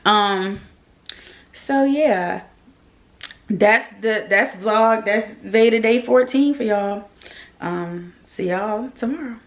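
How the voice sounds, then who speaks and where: A young woman with features talks straight to her camera in a casual vlog. She tells a personal story in an animated way, her voice heating up as she acts out what people said. Her pitch sits in a middle range. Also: takes it slowly, pauses often. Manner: animated, heated retelling with lively quoted rants. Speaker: vlogger.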